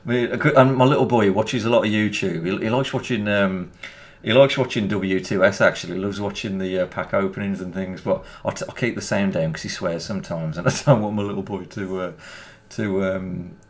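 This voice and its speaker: A man's voice: low-pitched, steady tone, brisk, few pauses. A man with a Birmingham accent chatting casually while playing a video game, rambling and chuckling often. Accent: Birmingham English. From England. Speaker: gaming YouTuber. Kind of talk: casual chat over gameplay.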